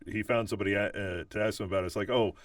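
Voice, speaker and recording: Podcast host: man, lowish pitch, hesitant and filler-heavy, dry room, distant from mic. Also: steady tone, racing, no room sound. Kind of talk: casual interview chat.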